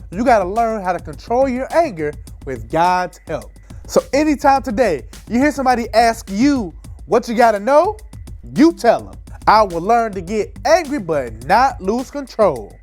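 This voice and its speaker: A woman playing an upbeat, playful presenter in a children's church lesson, talking in a lively, emphatic way. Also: mid-range voice. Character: upbeat kids' show presenter, energetic and playful.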